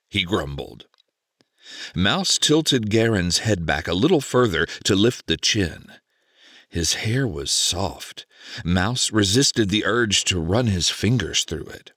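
Slow, expressive male narrator. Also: on the low side, no room sound, studio quality. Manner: measured, expressive storytelling. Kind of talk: audiobook narration.

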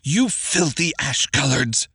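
A man's voice: wildly swooping pitch, a little slow, fairly bright tone, husky, dry recording, clean studio sound, full character voice. A man voicing a vengeful male soldier who seethes and shrieks in an audiobook. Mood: shrieking. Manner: seething, high-strung. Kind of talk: audiobook character voice.

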